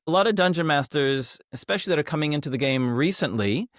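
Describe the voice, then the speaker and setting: A man's voice: on the high side, lively intonation, quick pace, no room sound, clean studio sound. A man hosting a podcast, chatting casually and friendly, with hesitant restarts. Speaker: podcast host. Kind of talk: casual interview chat.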